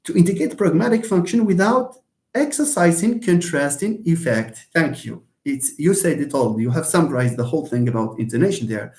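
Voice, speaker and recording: A man's voice: on the high side, lively intonation, a little mellow. Hesitant male lecturer in an echoey room. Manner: hesitant, many fillers and repeated words; explains slowly, stretching example words. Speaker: linguistics lecturer. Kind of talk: live online lecture answering comments. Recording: roomy echo.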